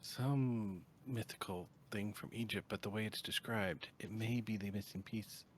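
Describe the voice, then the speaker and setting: Low-voiced male player, faint background hiss. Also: fairly even intonation, unhurried, hardly any pauses. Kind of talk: in-character tabletop play.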